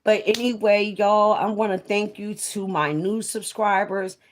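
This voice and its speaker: A woman's voice: mid-range voice, fairly even intonation, measured pace. A woman chatting casually to her viewers on a live stream, repeating herself and swearing freely. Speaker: vlogger on a livestream.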